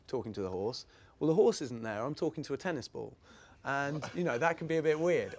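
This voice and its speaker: Chatty young man rambling with laughter. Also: on the high side. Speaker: actor guest. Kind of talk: casual interview.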